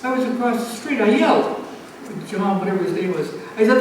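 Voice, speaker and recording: This storyteller, a woman in her nineties, recounts something from her own life at a family gathering in a community center, imitating the characters and chuckling as she talks. She speaks in a mid-range, slightly mellow voice, a bit quickly, with lively intonation. The recording carries hall echo, a distant mic, and a faint hum.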